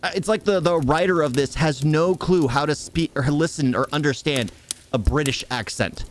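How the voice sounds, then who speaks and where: A man's voice: fairly high pitch, moderate pace, soft background music. A man ranting sarcastically through a movie review, firing off exasperated rhetorical questions.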